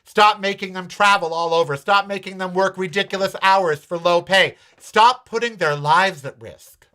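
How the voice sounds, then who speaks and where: An American man hosts a show with a high, bright, forceful voice. In an opinionated monologue, he tells a personal story and rants bluntly, swearing as he goes.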